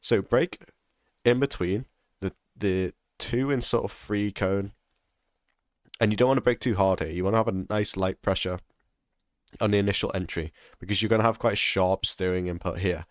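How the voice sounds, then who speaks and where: A man's voice: fairly low pitch, normal speed, no echo, clean studio sound. A man giving casual instructional commentary over a sim racing lap, repeating key tips for emphasis.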